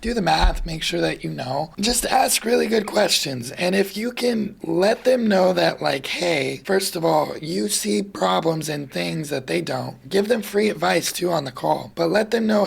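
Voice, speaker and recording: Male host, raspy and gravelly, easygoing conversational tutorial delivery. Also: a little high, moderate pace. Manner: casual, conversational, frequent "like" and "right?". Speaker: channel host giving freelancing advice. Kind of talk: casual instructional monologue.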